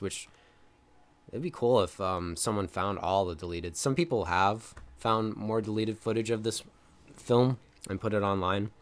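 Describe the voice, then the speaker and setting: A young man co-hosting a film review podcast, casually retelling scenes with lots of fillers and acted-out lines. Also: on the low side. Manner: rambling retelling with many fillers, acting out lines. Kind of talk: casual chat.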